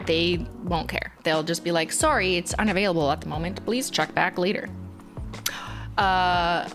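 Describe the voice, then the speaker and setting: A Canadian woman in her thirties with a fairly low voice chats through a livestream, talking loosely with lots of "like" and soft laughs. Her slight Canadian accent comes through. Faint music plays behind her. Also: normal speed. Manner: chatty, laid-back, filler-heavy with frequent "like" and laughs. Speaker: livestream host. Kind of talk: casual livestream chat, reading and answering chat.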